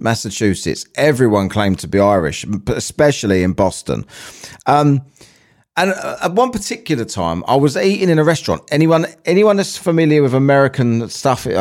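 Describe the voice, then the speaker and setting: A man's voice: medium pitch, darkish tone. A man hosting his own podcast, talking casually and swearing as he wanders between asides. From England. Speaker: podcast host. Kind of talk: casual solo podcast chat.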